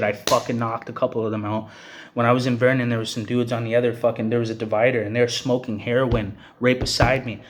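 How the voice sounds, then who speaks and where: An agitated man giving a heated, profane rant, with the filler "you know what I mean" coming up again and again. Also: mid-range voice. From Canada. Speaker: vlogger. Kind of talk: angry rant to camera.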